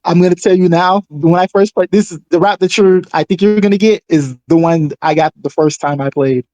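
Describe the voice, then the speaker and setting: A man's voice: sits high, brisk, darkish tone, dry recording, lo-fi sound. A man chatting casually beside a gamer, rambling with many fillers and eager to share. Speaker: co-commentator friend. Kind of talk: casual gaming chat.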